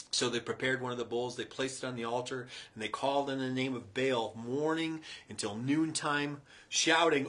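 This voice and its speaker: A man preaching a sermon, retelling a story dramatically with chuckling asides and loud, emphatic quoted lines. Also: mid-range voice, normal speed, hardly any pauses.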